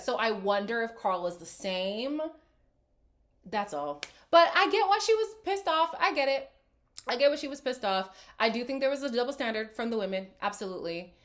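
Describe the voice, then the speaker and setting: A woman recaps a reality TV show in a casual, frank reaction style, acting out the cast's quoted lines. Her voice is a little high and a bit bright, with lively intonation and a fairly quick pace.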